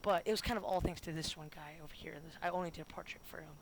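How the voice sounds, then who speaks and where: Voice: mid-range voice, steady tone, very fast, vocal fry. A student narrating a homemade history video in a goofy, rambling way, full of fillers and self-corrections. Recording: noisy home recording with clicks.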